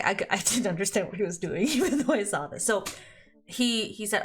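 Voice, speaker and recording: A woman's voice: sing-song, fairly quick, a bit bright, slight background noise. Young woman doing let's play chat, giggly, bouncy voice all over the place. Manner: giggly, rambling, often breaks into high laughter. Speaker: streamer. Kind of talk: let's play commentary, reading game dialogue aloud.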